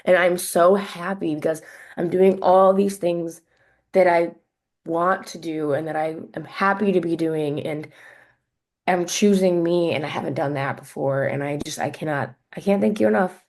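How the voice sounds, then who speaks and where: Woman client with a low voice, chatty and heartfelt, restarts and "like" fillers. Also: steady tone, moderate pace, a little mellow. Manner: rambling, many restarts and "like". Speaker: coaching client. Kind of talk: casual heartfelt testimonial.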